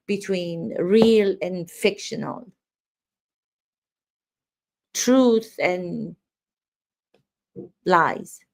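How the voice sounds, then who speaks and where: Emphatic woman acting coach. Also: mid-range voice. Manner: emphatic, rhetorical questions. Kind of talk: commentary on trial footage.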